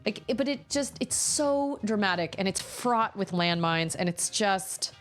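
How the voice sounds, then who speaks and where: A woman's voice: mid-range voice, measured pace, faint music behind. A woman streamer chatting casually and rambling while she plays a game. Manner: rambling, animated, many fillers. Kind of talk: casual chat while gaming.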